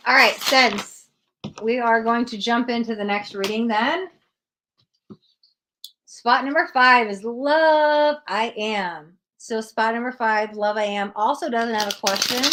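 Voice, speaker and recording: A woman's voice: a little high, background noise. A woman reading tarot cards on a live stream, chatting with viewers and giving blunt readings. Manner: blunt, chatty, reads out chat comments.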